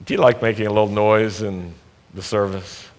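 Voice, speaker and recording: A man preaching a sermon at a worship service, speaking emphatically, asking the congregation rhetorical questions and building to loud exhortations. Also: on the low side, fairly even intonation, moderate pace.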